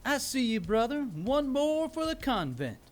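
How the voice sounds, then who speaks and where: A man voicing a wild, manic male cult leader who preaches in a shouty sing-song. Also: very high-pitched, very animated, a little slow, faint music behind, voice pushed up, heavily acted. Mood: manic preaching.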